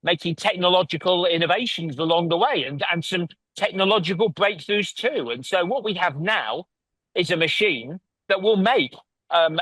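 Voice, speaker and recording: A man's voice: sits high, animated, normal speed, a bit bright, breathy edge, dry recording. An English man, a company founder, talking earnestly in a remote interview and often restarting his sentences. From England. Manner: earnest, restarts and repeats words. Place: lives in Italy, remote call.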